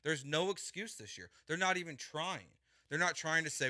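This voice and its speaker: A male sports radio host with a very bright, forceful voice that sits a little high for a man. He argues in an emphatic, exasperated way, hammering points home by repeating words. The sound is dry and close. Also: animated, normal speed, dry recording. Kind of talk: heated sports talk.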